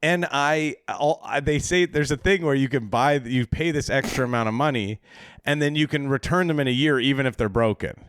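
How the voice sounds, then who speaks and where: A man's voice: mid-range voice, fairly quick, fairly bright tone, clear, resonant tone, dry recording, studio quality. Laughing, joking man on a podcast. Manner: jokey, laughs often, tells stories. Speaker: podcast guest. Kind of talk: casual chat.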